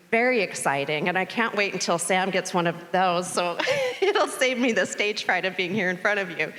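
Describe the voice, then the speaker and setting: A middle-aged woman giving a welcome speech at a conference, telling a story in a chatty, animated way. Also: mid-range voice. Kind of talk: conference keynote remarks. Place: large conference venue stage. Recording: long reverb of a large conference hall.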